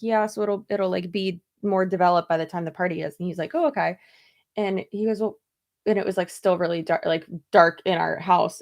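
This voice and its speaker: Chatty young woman, gravelly edge. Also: medium pitch. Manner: chatty, rambling, laughs often. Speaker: beauty vlogger. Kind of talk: casual get-ready-with-me chat.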